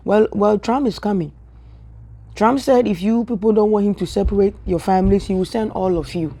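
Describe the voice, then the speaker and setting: Emphatic Ghanaian woman with a mellow voice. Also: medium pitch, a little fast. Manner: emphatic, repetitive, addresses viewers directly. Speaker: social media commentator. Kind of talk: direct-to-camera opinion rant.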